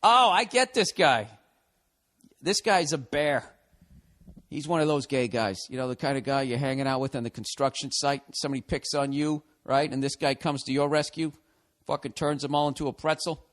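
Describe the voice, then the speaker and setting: A man's voice: medium pitch, normal speed, fairly bright tone. A man, a podcast host, reading out a listener email and answering it with rambling, profane sarcasm.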